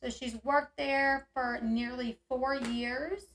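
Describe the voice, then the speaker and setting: A woman's voice: sits high, fairly even intonation, takes it slowly, fairly bright tone, echoey room. A woman hosting a live online discussion, reacting with indignation and answering viewers' comments. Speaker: channel host reading chat and commenting.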